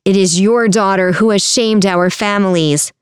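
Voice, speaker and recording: A scheming, puffed-up middle-aged nobleman, as a woman reads him out in a storybook. He gloats and wails with put-on grief, his voice smooth and clear. The sound is close and dry. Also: mid-range voice, moderate pace, no echo, close to an everyday voice. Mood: gloating accusation. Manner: mock-grief wailing, gloating. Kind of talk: storybook character reading.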